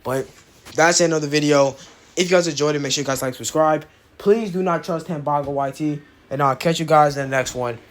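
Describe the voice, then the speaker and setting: A man's voice: a little high, a little fast. A young man giving an exposé commentary, heated and often stumbling over his words. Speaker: YouTuber.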